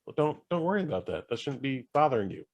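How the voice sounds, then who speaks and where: A man's voice: medium pitch, big pitch swings, fast. A man casually reviewing a film on a podcast, rambling and jokey, with frequent profanity and restarts. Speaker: podcast co-host reviewing films.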